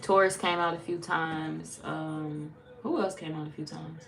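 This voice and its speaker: A woman's voice: deep voice, fairly even intonation, unhurried, vocal fry, noisy background. A woman reading tarot in a casual, blunt, chatty way, swearing freely. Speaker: tarot reader. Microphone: phone.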